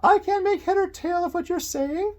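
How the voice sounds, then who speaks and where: A man voicing a suspicious, snappish elderly woman on the phone in a quavering falsetto. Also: normal speed. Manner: high-pitched, snappish. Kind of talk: audiobook character voice.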